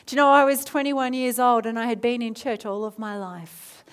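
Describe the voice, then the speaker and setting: A woman preacher in her thirties leading a prayer, then telling her story with lively asides and soft near-whispered moments. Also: a little high, normal speed, few pauses, smooth. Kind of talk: sermon with prayer.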